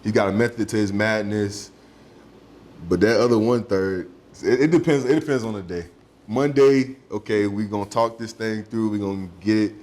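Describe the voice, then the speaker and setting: Young man, low voice, laid-back. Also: normal speed. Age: young adult. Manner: relaxed, laughs easily, drawling slang. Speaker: high school football recruit. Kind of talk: casual interview.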